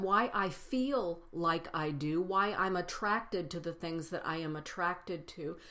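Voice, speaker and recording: A woman giving a personal spiritual talk to a congregation, speaking reflectively and building lists with slow, emphatic phrases. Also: lowish voice.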